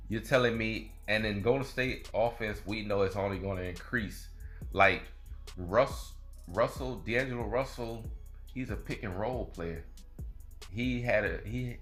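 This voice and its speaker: A man with a lowish voice giving casual commentary on a basketball player. He repeats himself loosely and often ends his points with "man". Soft music plays quietly underneath. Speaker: sports video host.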